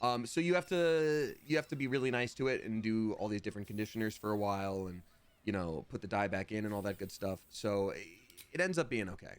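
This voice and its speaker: A man streaming a game live, chatting excitedly and reading viewer comments aloud. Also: fairly low pitch, brisk, clear, resonant tone. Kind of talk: casual live gameplay commentary.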